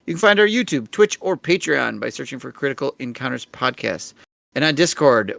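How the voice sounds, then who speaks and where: A man's voice: medium pitch, expressive, fairly quick, gravelly, a bit bright, faint music behind. A man hosting a podcast, reading listener requests and plugs in an upbeat, casual way. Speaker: podcast host.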